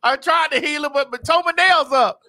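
A woman host with a very high, bright voice tells stories in loud, theatrical bursts. She laughs through her lines and throws herself into the drama of the telling. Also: a little fast. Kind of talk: casual chat.

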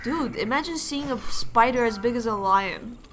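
Bright-voiced teasing woman gamer. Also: fairly high pitch, animated, normal speed, a little hiss or hum. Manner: chatty, teasing, laughs often. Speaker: let's play co-host. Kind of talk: casual gameplay commentary.

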